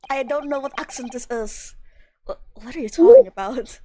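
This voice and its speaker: A woman streaming a game live, excitable, giggly and crude in her chat. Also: sits high, moderate pace, slight background noise.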